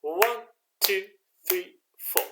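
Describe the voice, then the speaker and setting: A man's voice: high voice, very slow, noisy background. A man leading an online choir rehearsal from his living room, chanting rhythm syllables, counting in and encouraging the singers. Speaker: choir director.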